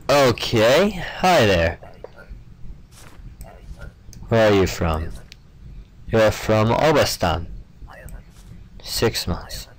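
Young guy, lowish voice, mumbles thru a game, trips over names and cracks little asides. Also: animated, a little slow, poor audio. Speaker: gameplay commentator. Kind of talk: casual let's-play commentary.

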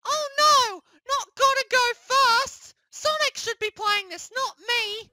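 A squeaky, whiny Link. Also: slow, exaggerated voice. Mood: panicked. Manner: whiny, yelps and shouts in panic. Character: squeaky young male plush hero, whiny and easily panicked. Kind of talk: comedic plush puppet gaming skit.

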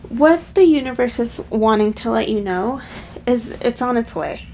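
A woman's voice: on the high side, expressive, moderate pace, dark tone, a little hiss or hum. A woman giving a casual pick-a-card tarot reading, chatty and emotional, with lots of filler words. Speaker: tarot reader.

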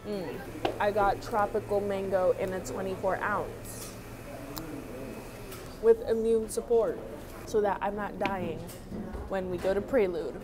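A woman's voice: medium pitch, steady tone, a little slow, long pauses, noisy background. A young woman chatting casually in a vlog, bubbly and giggly, full of "like" fillers. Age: young adult. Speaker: vlogger, college dance team member.

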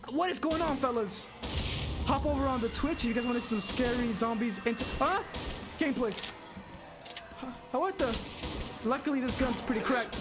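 A young man streaming a zombie game, reacting loudly with gasps and exclamations. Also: extremely high pitch, normal speed, pauses often, over music. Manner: excitable, loud reactions, frequent gasps. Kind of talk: live gameplay commentary.

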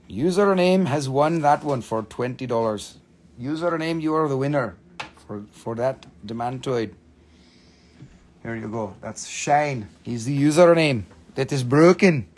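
A man hosting a live-stream mineral sale, gushing excitedly over each stone, swearing freely and calling out prices. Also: fairly high pitch. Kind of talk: live-stream sales chat.

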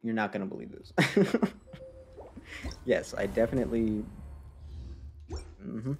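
A man's voice: lowish voice, fairly even intonation, slow pace, vocal fry, darkish tone, a little hiss or hum. A man giving casual, playful commentary while streaming a game, teasing the characters on screen and joking at his own expense. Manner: playful, self-mocking, talks to game characters. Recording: game music playing behind.

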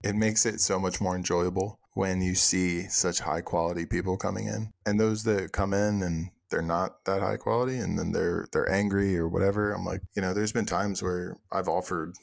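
A man, a podcast guest, talking casually and excitedly, swearing now and then, with lots of restarts. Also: deep voice, moderate pace, vocal fry, few pauses. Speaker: guest, software project co-founder.

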